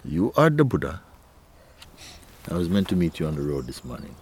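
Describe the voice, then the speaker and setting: A male spiritual teacher speaking to a listener in a gentle, playful way, laughing often and using nonstandard English grammar. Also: a bass voice, sing-song, brisk, husky. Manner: gentle, playful, laughs often, repeats "you see" and "huh".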